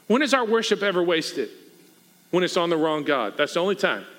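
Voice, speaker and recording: A man preaching a sermon as pastor, animated and acting out the people in the story. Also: fairly high pitch, brisk. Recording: echoey hall.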